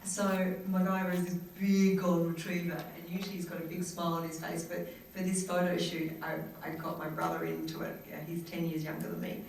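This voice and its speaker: An actress with an Australian accent tells a story on a convention panel, animated, acting out what people said and laughing often. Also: female voice, fairly low pitch, a little fast, vocal fry, hardly any pauses. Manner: animated, acts out quoted voices, laughs often. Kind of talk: anecdotal storytelling to an audience. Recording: very echoey hall from far off.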